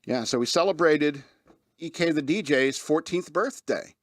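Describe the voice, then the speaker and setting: A man's voice: on the high side, normal speed, no room sound. Guy hosting a talk show, rambly, laughs a lot, dry mic. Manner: rambling, laughs often, many restarts. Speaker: host. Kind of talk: casual radio show chat.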